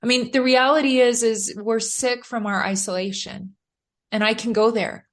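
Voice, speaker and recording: A woman's voice: fairly high pitch, fairly even intonation, moderate pace. A middle-aged woman, a motivational speaker, giving earnest and encouraging advice as a guest in a podcast interview.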